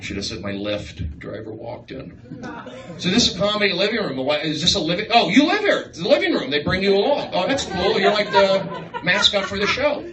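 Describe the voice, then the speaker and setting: A man doing a rambling stand-up set, riffing excitably on the crowd in a small comedy room. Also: high voice, brisk. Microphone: far live-stream phone mic. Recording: echoey, distant livestream with room noise.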